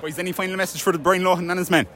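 A man interviewing people outdoors in a town, upbeat and quick with his questions. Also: high-pitched, flat delivery, fairly bright tone, some chatter behind, slight background noise. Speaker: reporter. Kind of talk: street vox pop interviewing.

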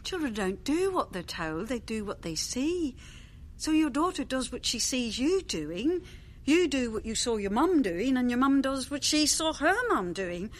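A woman's voice: sits high, very animated, measured pace, exaggerated voice. A woman voicing an earnest, encouraging friend in a radio drama.

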